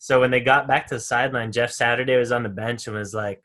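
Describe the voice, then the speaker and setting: A man co-hosts a casual football podcast in an average, mid-range voice. He tells his story in a relaxed, conversational way. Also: medium pitch, fast talker, few pauses. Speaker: podcast co-host. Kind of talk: casual chat.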